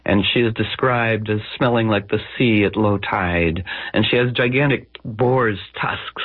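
A man's voice: mid-range voice, unhurried, no room sound. A man telling a legend on the radio, wry and conversational with digressions. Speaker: radio storyteller. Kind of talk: spoken-word storytelling. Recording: dry, tinny phone-like radio audio.

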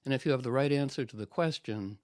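A man's voice: mid-range voice, quick pace, darkish tone, no echo, clean studio sound, lightly acted. A man voicing a vengeful enemy who sets the terms of a bargain in a matter-of-fact way.

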